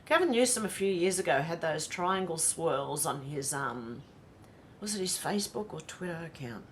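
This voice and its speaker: Her voice is deep and expressive, at a normal speed, with slight background noise behind it. She's an Australian woman hosting an easygoing livestream, reading out viewer comments and greeting everyone by name.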